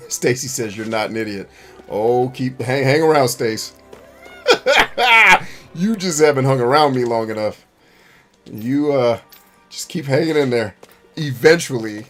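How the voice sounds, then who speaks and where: A streamer and gaming show host chats casually on a live stream in a mid-range voice. He's blunt and profane, laughs a lot, and bursts into shouts when acting out a scene.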